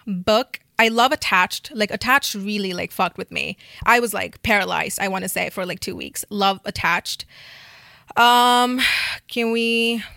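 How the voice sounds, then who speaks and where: A woman's voice: medium pitch, gravelly, sharp tone, no room sound, studio quality. A tired young woman hosting her own podcast from her bed, rambling casually with lots of swearing and fillers. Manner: rambling, profane, full of "like". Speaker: podcast host. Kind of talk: casual chat.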